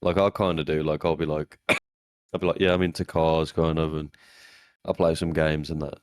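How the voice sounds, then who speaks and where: Very deep-voiced young man. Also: little pitch movement, moderate pace, clear, resonant tone, dry recording, studio quality. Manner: blunt, swearing, storytelling with acted-out quotes. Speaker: podcast co-host. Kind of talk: casual chat.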